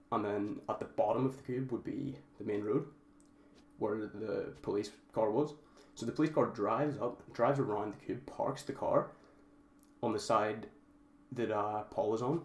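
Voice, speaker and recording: Speaking at a measured pace in a fairly low voice, a young man vlogs a rambling story and keeps calling his audience guys. The room echoes noticeably, with some faint noise behind him.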